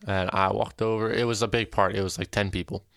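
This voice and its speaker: A man's voice: lowish voice, steady tone, fast, vocal fry, a bit bright, clear, resonant tone, no room sound, studio quality. A young man telling stories on a podcast, laughing often and filling his talk with "like". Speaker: podcast co-host. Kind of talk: casual storytelling chat.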